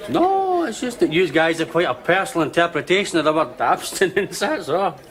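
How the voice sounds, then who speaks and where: A man's voice: sits high, very animated, a little fast, fairly bright tone. A wry, smug Scottish barman. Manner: wry, mock-reasonable. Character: smug, sarcastic male barman. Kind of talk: sitcom acting.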